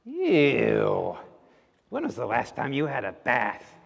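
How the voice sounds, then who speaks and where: A man's voice: medium pitch, wildly swooping pitch, slow, creaky, heavily acted. Squeamish child-eating witch, storytime voice, put on by a man, with an echoey room. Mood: disgusted. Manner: mock-hungry, squeamish. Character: child-eating old witch, fussy about dirt. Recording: echoey hall.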